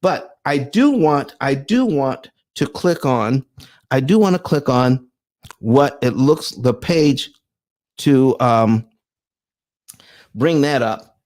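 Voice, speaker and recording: Animated man hosting a livestream. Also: mid-range voice, slow pace, pauses often. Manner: animated and preacher-like, calls for amens. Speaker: livestream host answering viewer comments. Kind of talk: live-streamed explainer with viewer chat.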